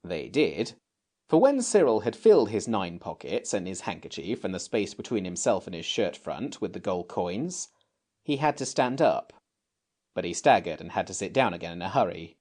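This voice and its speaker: A man narrating a classic children's novel as an audiobook, in an expressive storytelling manner. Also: low voice, normal speed. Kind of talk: scripted narration.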